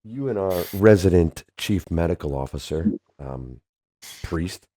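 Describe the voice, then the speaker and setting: A man's voice: sits low, expressive, measured pace, warm tone, slight background noise. A man doing a genteel ship captain. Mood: courtly. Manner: genteel, formal phrasing. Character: courteous, formal male ship captain.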